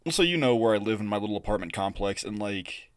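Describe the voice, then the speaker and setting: Low-voiced man telling a rambling story. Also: expressive, fast talker, no echo. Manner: rambling, filler-heavy storyteller. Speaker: podcast co-host. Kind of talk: casual chat, storytelling.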